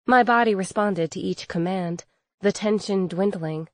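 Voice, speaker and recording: A woman narrates an audiobook in first person with a steady, even delivery. Her voice sits at a middle pitch, recorded close and dry with no room sound. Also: measured pace, dry recording.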